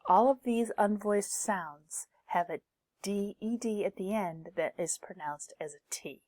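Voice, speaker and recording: A woman teaching a pronunciation lesson, speaking slowly and deliberately and saying each example word twice so learners can copy it. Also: medium pitch, darkish tone, no echo, clean studio sound. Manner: slow, deliberate, repeats each word twice to model sounds. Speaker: English teacher.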